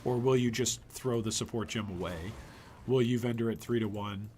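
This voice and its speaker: Man streaming a game, voice going hoarse. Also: medium pitch, moderate pace, a little mellow, a little hiss or hum. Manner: thinking aloud, trailing off, frequent restarts. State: losing his voice. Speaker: gaming streamer. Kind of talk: casual live-stream commentary while playing.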